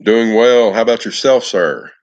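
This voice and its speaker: A man's voice: on the low side, normal speed, rough recording. A man chatting on a casual live stream, folksy and affectionate, greeting viewers by name.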